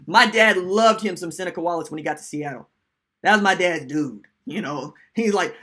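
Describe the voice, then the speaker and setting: A man talks through a live-stream sports show with a bright, forward tone. He is animated and loose, chatting casually and reading viewer comments aloud as he goes. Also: high-pitched, fairly quick. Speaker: podcast host.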